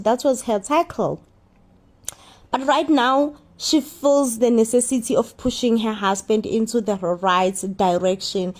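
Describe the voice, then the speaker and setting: A woman giving an animated, opinionated recap of a reality show, often repeating herself in exasperation. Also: a little high. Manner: animated, repetitive, exasperated commentary.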